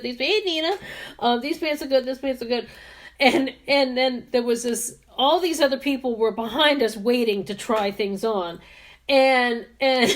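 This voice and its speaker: A woman in her fifties telling a rambling story while doing her makeup, with many restarts and frequent laughter. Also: on the high side. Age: 50s. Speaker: beauty vlogger.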